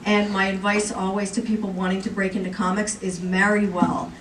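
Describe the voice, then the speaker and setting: A woman's voice: medium pitch, fairly quick. A woman presenting and joking with the audience on a convention panel, recorded from the crowd. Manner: lively, joking, chatty with the audience. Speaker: comics editor presenting on a panel. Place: large convention hall. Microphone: recorded from the audience by a far camera. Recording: echoey hall from far off, faint noise.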